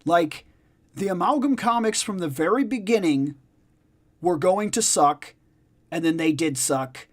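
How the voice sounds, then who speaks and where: A man's voice: high-pitched, expressive, a little slow, long pauses. A man hosting a casual discussion chat, emphatic and profane, repeating his points for stress. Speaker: podcast host.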